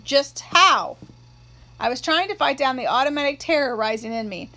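A woman narrating an audiobook in a steady storytelling manner. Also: sits high, fast talker, poor audio.

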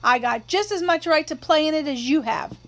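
A woman voicing a feisty, outspoken young tomboy girl in a high, indignant voice, as part of a storybook reading. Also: brisk. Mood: defiant.

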